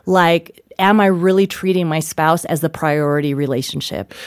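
A middle-aged woman talks as a guest author, telling family stories with a bright, lively lilt. She laughs easily and puts on voices for the people in her stories. Her voice sounds dry and close to the mic. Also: deep voice, moderate pace, clean tone, dry recording. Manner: animated, laughing, acts out quoted voices. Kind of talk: conversational storytelling.

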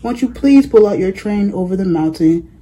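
A reader voicing a chorus of dolls and toys pleading for help in a storybook read-aloud, in a husky voice. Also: expressive, moderate pace, warm tone, close to an everyday voice, rough recording. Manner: begging, high and insistent.

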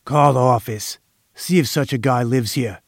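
A man's voice: medium pitch, a little slow, creaky, dry recording, studio quality. A man voicing a brutal, menacing male gang boss who bullies and roars. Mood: ordering. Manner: roaring, bullying.

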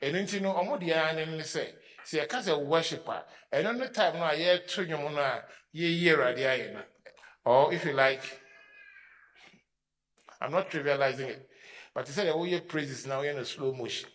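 Ghanaian pastor explaining worship. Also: male voice, a little high, moderate pace, a bit bright. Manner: switches between Twi and English, emphatic. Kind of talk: teaching talk on worship.

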